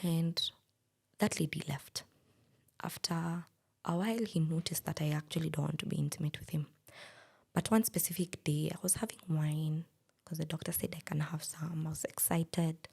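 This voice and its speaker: A woman's voice: sits low, fairly even intonation, normal speed, vocal fry, darkish tone, breathy edge. A woman, speaking candidly as a guest and telling a personal story in a podcast interview. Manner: candid, plain-spoken.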